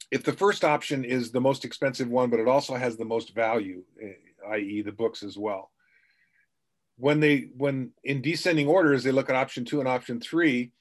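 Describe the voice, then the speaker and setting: A man's voice: mid-range voice, moderate pace. A middle-aged man, a sales trainer, telling anecdotes in a podcast interview and acting out the quotes.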